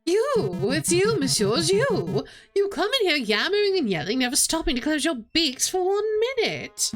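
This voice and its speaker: A woman's voice: extremely high pitch, sing-song, normal speed, soft background music, voice pushed up. A woman voicing a pompous, condescending male bird librarian who lectures and scorns, reading game dialogue on stream. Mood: scornful.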